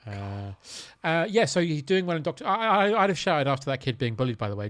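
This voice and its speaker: A man's voice: a little high, very animated, a little fast, fairly bright tone. A man hosting a podcast, recapping a film in casual chat with dry, jokey asides. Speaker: podcast host.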